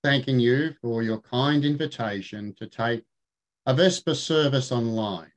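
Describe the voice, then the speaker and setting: A man's voice: medium pitch, measured pace, rough recording. Older Australian man leading a vesper service. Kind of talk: sermon delivered online.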